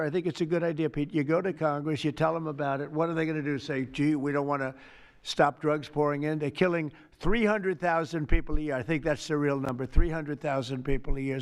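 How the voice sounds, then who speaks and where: A man's voice: on the high side, smooth. Older man rambling at a press event. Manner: rambling, repetitive, boastful asides. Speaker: president answering press questions. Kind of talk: off-the-cuff press remarks. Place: press event, reporters in room.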